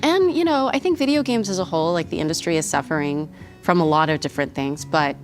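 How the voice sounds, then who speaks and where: A woman's voice: low voice, expressive, fast talker, faint music behind. A middle-aged woman chatting casually as a guest over a meal, talking with many restarts and frequent laughs.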